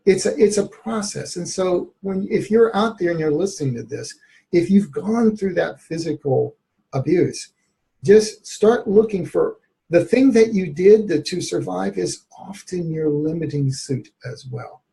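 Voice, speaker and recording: A man with a somewhat high, gravelly voice tells a personal story as a guest. He is a therapist, candid and reflective, and laughs now and then as he recalls it. His voice has a noticeable rasp. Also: animated, unhurried, dark tone.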